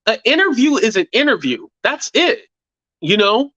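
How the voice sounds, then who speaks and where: His voice is extremely high-pitched at a moderate pace, in a lo-fi recording with no room sound. He hosts a YouTube commentary channel, speaking to viewers in a profane, conversational, animated way, throwing in "blah, blah" and mimicking quotes mockingly.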